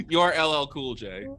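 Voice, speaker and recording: A man's voice: fairly high pitch, pushed and bright. A man playing a tabletop horror game, joking around and stammering when his character is scared. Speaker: player. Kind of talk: casual tabletop play.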